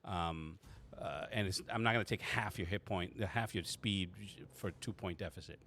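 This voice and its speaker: A man's voice: deep voice, normal speed, a bit bright, slight background noise. A man running a tabletop game as game master, casual and teasing, rambling with frequent restarts.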